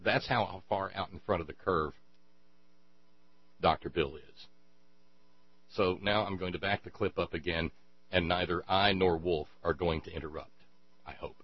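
A man hosting a talk radio show, commenting sarcastically on played clips in an animated way. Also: low-pitched, normal speed, long pauses, husky, no echo. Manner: sarcastic, animated, mocking voices in quotes. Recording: dull lo-fi radio audio with mains hum.

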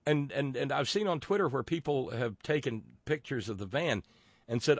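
A man's voice: medium pitch, moderate pace, no room sound. Middle-aged guy ranting sarcastic politics on his show, cusses a lot, stumbles on words, dry close mic. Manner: sardonic, profane, stammering restarts. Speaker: podcast host. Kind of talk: political commentary monologue.

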